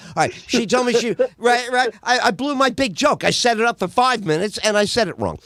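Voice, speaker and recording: A man hosting a podcast as a comedian, telling jokes in an energetic, animated way and laughing at his own bits. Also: high voice, no room sound, clean studio sound.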